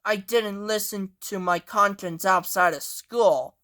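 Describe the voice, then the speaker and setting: A woman's voice: mid-range voice, slow pace, fairly bright tone. A woman voicing a young wooden puppet boy who pleads and rambles in a sing-song way. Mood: apologetic. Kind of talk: amateur character voice play.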